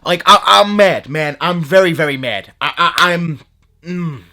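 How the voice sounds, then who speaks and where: A young man vlogging to camera with a bright, forceful voice that sits a little high. He rants and repeats himself in a casual, unscripted way. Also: unhurried. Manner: angry ranting, repeating himself. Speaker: sneaker vlogger.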